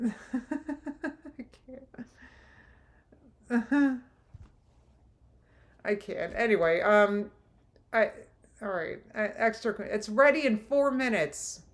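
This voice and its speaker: A woman's voice: a little high, animated, very slow, pauses often. A woman streaming a live reaction, talking in an exasperated, mocking way and breaking off to laugh. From New Jersey.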